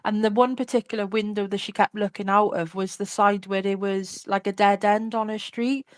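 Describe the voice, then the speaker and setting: A woman's voice: mid-range voice, fairly even intonation, normal speed, no room sound. Chatty woman telling her story. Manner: candid, chatty, many fillers like "like" and "you know". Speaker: interview guest. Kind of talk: personal storytelling in an interview.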